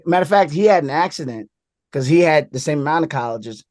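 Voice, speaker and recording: A man's voice: fairly high pitch, animated, fast talker, darkish tone, dry recording, studio quality. A man, a guest comedian, telling stories in casual chat and laughing along as he goes. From New York area.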